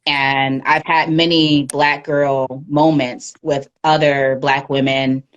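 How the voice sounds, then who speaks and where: A woman speaking as a guest in a casual livestream interview, candid and animated, often laughing, on a phone or webcam mic. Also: very deep voice, slow pace, dull audio. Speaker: guest media professional.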